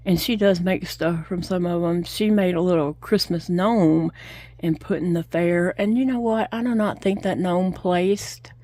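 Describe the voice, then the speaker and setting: Chatty woman, low voice. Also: unhurried, warm tone, no echo. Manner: chatty, storytelling, laughs often, drawls. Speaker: crochet vlogger. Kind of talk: casual chat while crocheting. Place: home.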